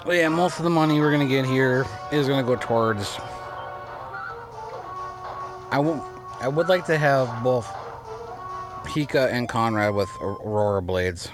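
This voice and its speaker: Here a let's-play commentator with a mid-range voice chats at a moderate pace about his gameplay. He rambles, often going back over words and starting sentences again. Game music runs beneath him.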